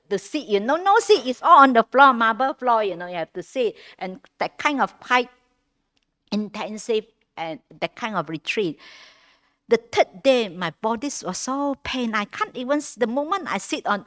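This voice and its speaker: Lively-voiced woman giving a Dharma talk. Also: fairly high pitch, moderate pace. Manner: conversational, repeats words and restarts, frequent "you know"; non-native English grammar. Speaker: Dharma teacher. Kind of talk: Dharma talk at a meditation retreat.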